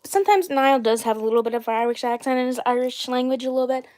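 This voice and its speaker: A young woman in her twenties chatting casually on a livestream about the dolls she voices, rambling, correcting herself and often clearing her throat. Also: high voice, fast, a little mellow. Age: 20s. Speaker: doll series creator.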